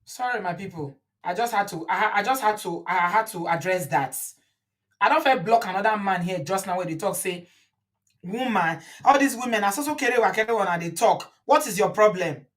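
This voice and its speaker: A woman's voice: medium pitch, animated, fairly quick. A Nigerian woman hosting a live talk stream, scolding viewers in the comments and switching into Pidgin. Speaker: host.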